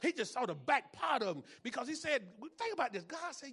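A male pastor preaching with a very high, husky voice. He repeats key phrases and drops in amens, moving between near-whispered stretches and loud, driving ones. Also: sing-song, fairly quick, few pauses. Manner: repetitive preaching with frequent amens, swinging between hushed and loud. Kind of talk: sermon.

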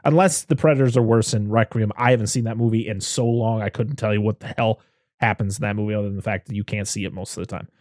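A man's voice: on the low side, fairly even intonation, fast, darkish tone, no room sound, studio quality. A man hosting a podcast, chatting casually about a film, rambling and laughing often. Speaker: podcast host. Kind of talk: casual film review chat.

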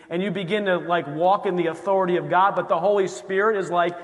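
A man's voice: high-pitched, steady tone, fairly quick, few pauses, in a large hall. A male pastor preaching a sermon in a conversational way, often acting out quoted voices. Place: church sanctuary.

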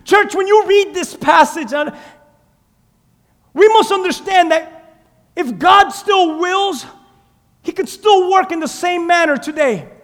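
A man preaching with a very high voice and a slow, drawn-out delivery, emphatic and impassioned, breaking into shouts and calling out to the congregation. His sermon rings with the long reverb of a church hall. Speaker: pastor. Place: church sanctuary.

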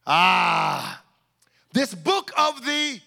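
A male pastor preaching a sermon, shouting in sing-song bursts and then dropping to quiet asides. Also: high voice, sing-song, extremely slow, gravelly.

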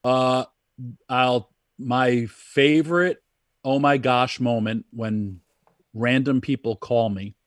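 A man's voice: medium pitch, slow, dry recording, clean studio sound. Middle-aged man, rambling wrestler guest. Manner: animated, rambling anecdotes with restarts. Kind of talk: casual storytelling.

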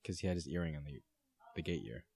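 A man's voice: extremely low pitch, vocal fry, mellow, breathy edge, no room sound. A young man in his twenties co-hosting a podcast, telling stories with lots of laughing and swearing. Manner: laughing, swearing, fast anecdotal storytelling. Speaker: podcast co-host. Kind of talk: casual chat.

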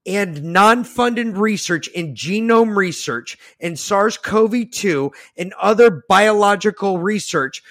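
Guy hosting a podcast, kinda high voice, cussing and bragging, reading stuff out then yelling, dead dry mic. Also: dry recording. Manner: profane, boastful, swings from muttering to loud outbursts. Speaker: podcast host. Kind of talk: ranting podcast chat, reading an article aloud.

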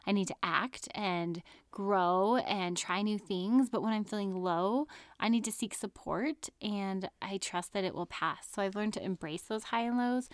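A woman's voice: medium pitch, measured pace, no echo. A woman in her thirties hosting a podcast, telling a personal story in an earnest, chatty way and laughing often. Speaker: podcast host.

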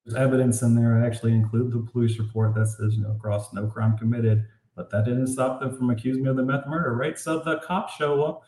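A man's voice: mid-range voice, brisk, hardly any pauses. A man being interviewed as an author, telling stories casually and animatedly, saying "like" a lot with a disbelieving tone. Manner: animated, says "like" often, incredulous. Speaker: author guest. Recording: roomy echo.

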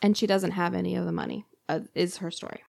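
A woman's voice: lowish voice, steady tone, quick pace, creaky, darkish tone, no echo, studio quality. A woman hosting a podcast, recounting a true crime story in a casual, chatty way with frequent fillers. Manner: conversational, lots of "like" and fillers.

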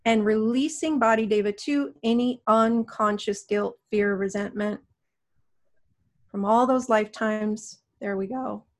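A middle-aged woman guiding a healing session with slow, soothing, coaxing prompts. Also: mid-range voice. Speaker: energy healer guiding a session.

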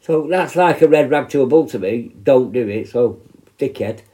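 Man in his fifties, prison healthcare worker, rambling casual storyteller, mellow low tone, swears a lot. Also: animated, moderate pace. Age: 50s. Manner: rambling and sweary, with many restarts.

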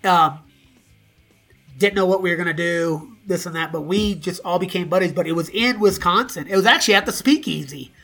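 A middle-aged man, a musician guest, telling stories in a casual, profane, animated way and acting out quoted dialogue. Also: sits high, fairly quick, soft background music. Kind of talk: casual storytelling interview.

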